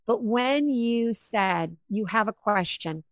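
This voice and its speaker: A woman hosting a podcast, telling a personal story in an animated, effusive way. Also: fairly high pitch, takes it slowly, no echo. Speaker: podcast host.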